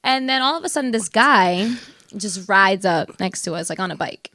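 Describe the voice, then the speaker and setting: A woman's voice: medium pitch, animated, normal speed, sharp tone, no room sound, clean studio sound. A young woman co-hosting a podcast, telling a story in casual chat, acting out quotes and laughing often. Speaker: podcast co-host.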